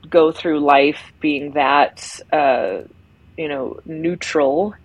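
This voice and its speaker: A woman with a low voice co-hosts a podcast, thinking aloud in a reflective, rambling way full of fillers. The sound is dry and close, with no room around it. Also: breathy edge, no room sound, rough recording. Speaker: podcast co-host. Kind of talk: unscripted casual conversation.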